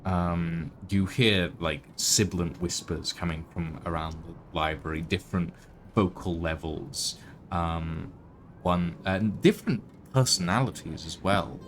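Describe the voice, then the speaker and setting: A man narrating a tabletop game as game master, in slow, hesitant description with many fillers. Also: sits low, steady tone, a little hiss or hum.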